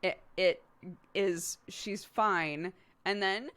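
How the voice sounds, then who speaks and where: A woman's voice: lowish voice, expressive, measured pace, fairly bright tone. A woman in her thirties hosting a live stream, chatting casually with viewers and laughing often as she tells stories about her toddler. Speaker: streamer host.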